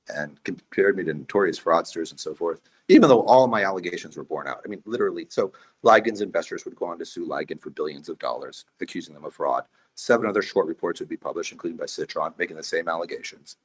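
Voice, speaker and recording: Brief intense male podcast guest, deep husky voice, rapid delivery. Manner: intense, animated storytelling. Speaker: guest, priest and investor. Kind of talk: podcast interview storytelling.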